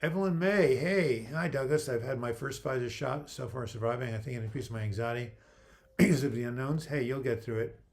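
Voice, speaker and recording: This older livestream host talks fairly quickly at a medium pitch, reading comments from viewers aloud. His answers are casual, chatty and joking, with frequent restarts.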